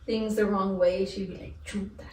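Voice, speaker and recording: A woman co-hosting a laid-back podcast, calm and plain-spoken, often murmuring agreement. Her tone is soft and mellow. It comes through with room echo, a little away from the mic, over a faint hiss. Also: medium pitch, normal speed, recorded from a distance. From Mexican-American family. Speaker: podcast co-host. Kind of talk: casual chat. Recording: roomy echo, voice a bit off-mic, faint noise.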